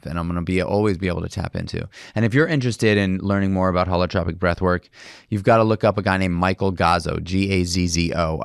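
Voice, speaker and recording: Solo podcast host, forties, male; low gravelly voice, candid confessional delivery. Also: dry recording, studio quality. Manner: candid, rambling, emotional storytelling with restarts.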